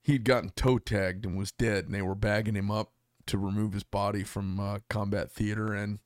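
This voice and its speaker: A man's voice: lowish voice, little pitch movement, moderate pace, dry recording, clean studio sound. A man from Arizona hosting a podcast, telling a long story in a rambling way with lots of fillers. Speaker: podcast host. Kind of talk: casual storytelling chat. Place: studio.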